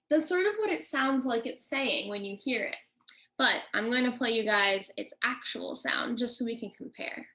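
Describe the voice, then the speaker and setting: Higher-voiced woman teaching kids about nature. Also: lively intonation, bright, forceful tone. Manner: friendly, slow, addressing kids directly. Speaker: nature educator. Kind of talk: children's nature lesson.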